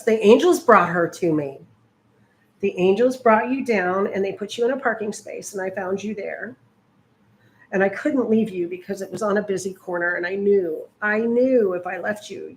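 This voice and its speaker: A middle-aged woman chatting casually while she crafts, often slipping into cooing baby talk with her dog. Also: mid-range voice. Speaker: art journaling vlogger.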